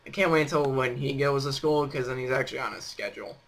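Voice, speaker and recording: A man's voice: mid-range voice, fast. A young man hosting a casual chat on a voice call, rambling and teasing with lots of fillers. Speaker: host.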